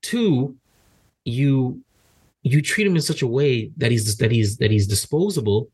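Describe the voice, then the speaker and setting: A man hosting a podcast, talking in a casual, animated way, often repeating his words and acting out what others said. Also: medium pitch, unhurried, breathy edge. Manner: animated, repeats words, acts out quoted speech. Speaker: podcast host.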